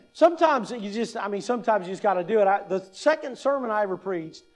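Talking a little fast with lively intonation, a high-voiced man in his fifties, a pastor, gives a conversational teaching talk on public speaking. He often checks in with "right?" and offers wry humor.

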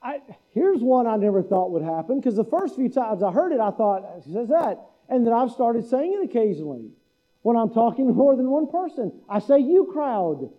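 Middle-aged male preacher, folksy, high voice, muffled lo-fi sound. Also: very animated, a little fast. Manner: folksy, mimics local speech for laughs. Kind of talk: sermon. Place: church hall.

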